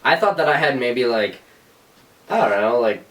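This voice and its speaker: A man's voice: medium pitch, moderate pace, distant mic. A man co-hosting a podcast in casual chat, telling stories with lots of swearing and put-on voices. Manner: swears a lot, animated storytelling with voices. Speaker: podcast co-host.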